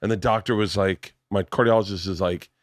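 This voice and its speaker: A man in his forties hosting a podcast in a home studio, telling animated stories and acting out the voices of the people in them. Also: fairly low pitch, fairly quick, no echo. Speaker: podcast host. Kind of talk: casual chat.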